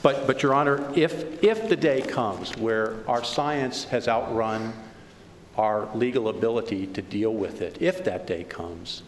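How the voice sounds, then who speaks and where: A man's voice: lowish voice, measured pace. A male attorney making an emphatic oral argument in court, hammering rhetorical questions and tripping over restarts. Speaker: attorney for the plaintiffs. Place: large courtroom. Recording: reverberant courtroom recording with faint noise.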